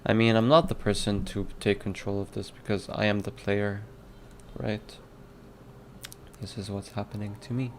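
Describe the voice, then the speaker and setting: A man's voice: on the low side, little pitch movement, moderate pace, a little hiss or hum. A man who develops games, musing aloud to himself in a casual working vlog and chuckling at himself. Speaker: game developer.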